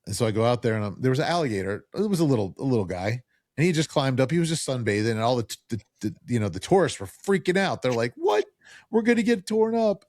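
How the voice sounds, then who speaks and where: A middle-aged man from New Jersey, a podcast guest telling lively stories in casual chat and acting out the people he quotes. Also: mid-range voice, quick pace, dry recording, clean studio sound. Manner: animated storyteller who acts out quoted voices.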